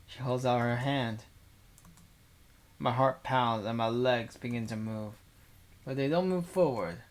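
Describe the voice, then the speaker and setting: A man's voice: medium pitch, a little slow. A young man reading a visual novel aloud into a desk microphone, breaking off for rambling casual asides.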